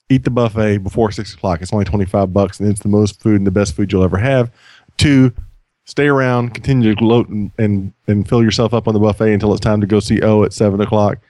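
A man's voice: on the low side, darkish tone, no echo. A man co-hosting a casual comedy podcast, a chatty storyteller who playfully interrupts, heard on a close mic. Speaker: podcast co-host.

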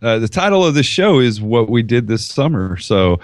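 A man's voice: medium pitch, big pitch swings, normal speed, no echo, clean studio sound. A man co-hosting a podcast who talks in an easygoing, hesitant way with many fillers. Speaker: podcast co-host. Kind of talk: casual chat.

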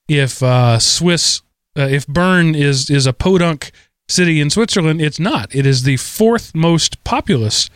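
A man chatting casually about tech, explaining points at a measured pace with some uh fillers. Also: a little high, dry recording, studio quality. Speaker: podcast co-host.

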